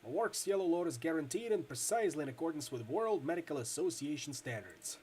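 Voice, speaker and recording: A man reading a video game aloud and voicing a loud, jokey, hungover rigger-doctor in his forties with a loose Midwestern accent. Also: fairly high pitch, expressive, quick pace, slight background noise, close to an everyday voice. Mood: boisterous. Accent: loose Midwestern American. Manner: boisterous, loud, jokey, laughs a lot.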